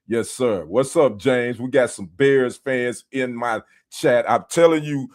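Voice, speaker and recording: A man's voice: medium pitch, a little slow, a little mellow. This is a man hosting a live sports stream, talking straight to his chat in a casual, easygoing way. He calls out viewers by name and trades light trash talk with rival fans. His voice sits in a middle register. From United States. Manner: chatty, greets viewers by name, teasing banter. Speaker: sports livestream host. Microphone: streaming setup.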